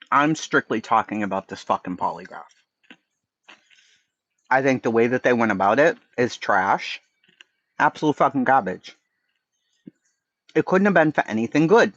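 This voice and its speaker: A man's voice: mid-range voice, fairly bright tone, no echo, dull audio. Blunt man with a Boston accent. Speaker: livestream host. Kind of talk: casual livestream chat.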